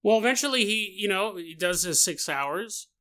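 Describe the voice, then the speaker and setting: A man hosting a podcast, retelling a story in a casual, animated way with joking asides. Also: high voice, normal speed. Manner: animated, jokey, laughs at own asides. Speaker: podcast host.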